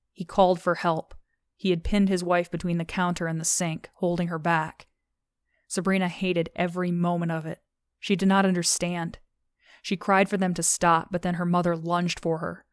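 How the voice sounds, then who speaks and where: Steady, low-toned woman audiobook narrator. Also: clear, resonant tone, dry recording, studio quality. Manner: steady, measured reading. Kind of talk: scripted narration of a thriller novel.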